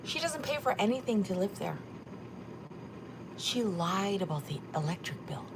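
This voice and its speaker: A woman's voice: medium pitch, big pitch swings, normal speed, noisy background. A woman hosting a livestream, chatting casually and gossiping about clips, swearing now and then. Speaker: livestream host.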